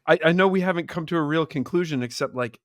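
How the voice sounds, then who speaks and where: An American man co-hosting a podcast in casual chat, easygoing and quick to laugh. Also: fairly high pitch, no echo, studio quality. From United States. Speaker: podcast co-host.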